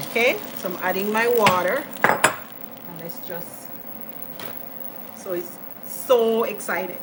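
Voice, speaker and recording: A woman hosting a live cooking stream, chatting enthusiastically with viewers as she adds ingredients in her home kitchen. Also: medium pitch. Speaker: cooking channel host. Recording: home kitchen noise with sizzling pan. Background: frying and sizzling food.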